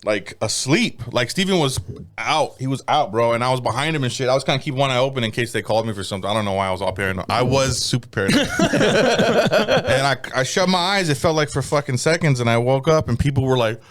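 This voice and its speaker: Animated, laughing man telling stories. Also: mid-range voice, fast. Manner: animated storyteller, swears a lot, laughs through his stories. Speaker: comedian. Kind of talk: casual podcast banter.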